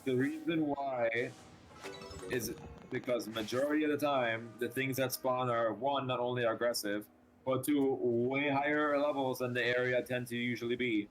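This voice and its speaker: A man's voice: medium pitch, steady tone, moderate pace, poor audio. A man co-streaming a game in casual chat, coaching the player and repeating his advice insistently. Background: game music.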